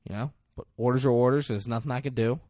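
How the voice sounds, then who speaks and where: A man on a casual podcast retells a movie with lively energy, breaking into loud acted-out lines. His voice sits at an ordinary middle pitch. The sound is close and dry, with no room around it. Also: fast, no echo. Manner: animated retelling, acting out lines in loud bursts. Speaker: podcast co-host recapping a film. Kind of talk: casual chat.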